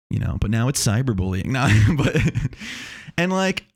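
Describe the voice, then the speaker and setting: Studio-quality and free of room sound, this recording from a lav or shotgun mic in a foam-treated space captures a young podcast host's creaky, mid-range voice. Alone on his casual show, he rambles and curses, frequently starting sentences over.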